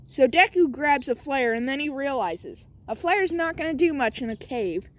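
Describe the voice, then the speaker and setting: A woman's voice: sits high, lively intonation, normal speed. A woman casually telling an improvised story, rambling with lots of asides. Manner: rambling, many fillers and asides.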